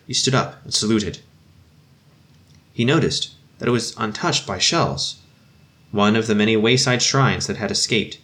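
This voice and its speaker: A man reading a war story aloud in a measured, solemn way. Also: lowish voice, a bit bright. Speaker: narrator. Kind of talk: audiobook reading.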